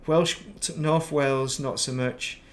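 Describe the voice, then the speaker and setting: A man with a softened northern English accent talks in a loose, meandering way, drifting from thought to thought. He is a middle-aged game streamer chatting casually as he plays, with a mid-range everyday voice. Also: medium pitch, steady tone, measured pace. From northern England. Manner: rambling, thinks aloud, laughs at himself. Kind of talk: casual chat while playing.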